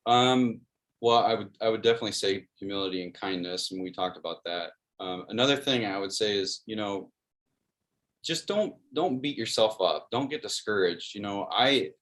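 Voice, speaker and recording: A man in his thirties talks as an interview guest in a lowish voice. He is earnest and friendly and tells stories at an everyday pace. He restarts his sentences often and leans on "you know". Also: fairly bright tone. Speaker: guest, sports video producer. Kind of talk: casual interview storytelling.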